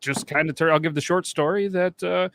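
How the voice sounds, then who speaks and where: A man's voice: on the high side, fairly even intonation, fairly quick, vocal fry, fairly bright tone, a little hiss or hum. A man from the United States co-hosting a podcast, telling rambling stories in casual chat. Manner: storytelling, rambling. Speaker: podcast co-host.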